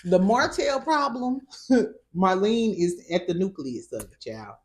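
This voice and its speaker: A woman's voice: medium pitch, huge pitch swings, takes it slowly. A woman with a St. hosting a casual recap of a reality show, sassy and profane, laughing often. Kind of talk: casual reaction commentary.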